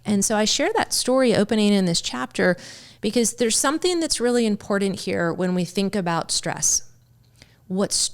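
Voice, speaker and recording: A middle-aged woman hosting a mindfulness podcast, telling a personal story in an earnest way and often repeating words as she searches for them. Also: mid-range voice. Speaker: podcast host and mindfulness teacher.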